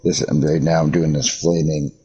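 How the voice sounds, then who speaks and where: A man's voice: very deep voice, flat delivery, moderate pace, dark tone, breathy edge, lo-fi sound. A man chatting casually while he paints, cracking crude jokes and swearing freely. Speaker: hobbyist painting miniatures. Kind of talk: casual chat while working.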